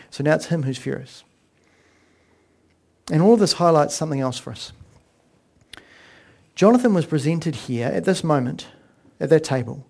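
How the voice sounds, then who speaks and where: A man giving a sermon-style Bible exposition, earnest and explanatory, with frequent pauses. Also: a little high, darkish tone. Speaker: Bible teacher.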